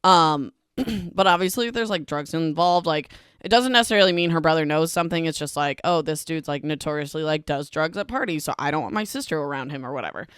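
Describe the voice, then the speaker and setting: A woman's voice: low voice, fast, fairly bright tone, clean tone, no room sound, studio quality. A young woman hosting a book podcast, chatting casually through a chapter recap with lots of fillers and wry asides.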